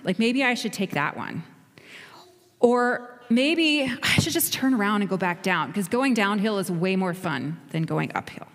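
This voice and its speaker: A woman leading a playful, encouraging children's talk in a church, asking the kids questions. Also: medium pitch. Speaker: children's message leader. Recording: echoey hall.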